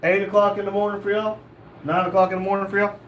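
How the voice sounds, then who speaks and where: Young male streamer, higher pitch, reads chat casually, faint room noise. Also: level tone, quick pace, a bit bright. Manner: reads chat messages aloud, jokey. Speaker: livestream host reading chat.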